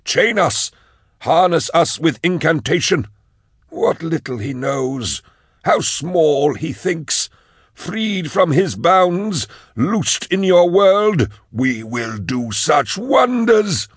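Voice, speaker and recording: A man voicing a possessed, inhuman male sorcerer who speaks slowly and eerily, in a drawn-out, gloating way. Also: on the high side, very animated, slightly rough, no echo, clean studio sound, voice pushed up, heavily acted. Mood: menacing, gloating. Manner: slow, drawn-out, eerie delivery.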